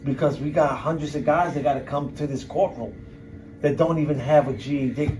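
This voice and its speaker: A middle-aged man speaks to a university audience in a blunt, streetwise manner, punching words with emphasis and swearing freely. His voice sits a little high for a man. It is picked up from some distance, so the room is heard around him. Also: fairly quick, darkish tone, slight background noise. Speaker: guest speaker. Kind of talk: candid storytelling talk to an audience.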